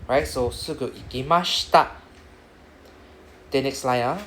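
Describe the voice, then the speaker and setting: A man's voice: medium pitch, normal speed. A man with a Singaporean English accent teaching a Japanese class, who ends nearly every sentence with "right?". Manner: says "right?" after nearly every sentence, coaching students. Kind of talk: classroom lesson explaining grammar. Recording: echoey classroom with background noise.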